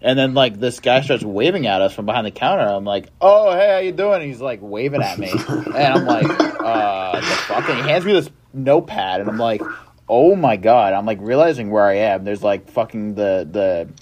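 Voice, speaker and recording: A young man telling stories in casual podcast chat, animated, with lots of swearing and filler words. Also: on the low side, moderate pace, few pauses.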